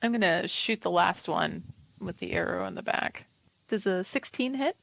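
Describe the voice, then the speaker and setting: A woman's voice: medium pitch, normal speed, gravelly, fairly bright tone. A woman taking part as a player in a tabletop game, tossing in joking asides. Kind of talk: casual tabletop game play.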